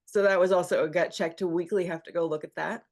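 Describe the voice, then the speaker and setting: A woman's voice: fairly low pitch, fairly even intonation, fast talker. A woman in her thirties, a radio host and guest, candidly telling an emotional personal story and often quoting what others said to her. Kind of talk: personal storytelling in a podcast conversation.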